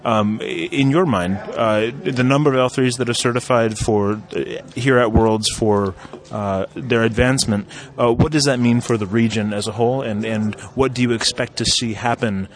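A man's voice: medium pitch, normal speed. Chatty male interviewer, fillers and restarts. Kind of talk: casual interview.

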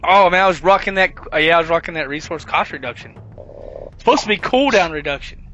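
A man's voice: a little high, fast, sharp tone, muffled recording, slight background noise. A man co-hosting a casual gaming podcast, telling a long story and acting out his friends' lines. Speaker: podcast co-host.

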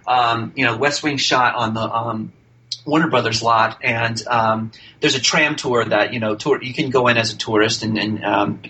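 A man's voice: mid-range voice, sharp tone, poor audio. A man, a working actor, telling a casual story as a podcast guest, chatty and full of fillers and restarts.

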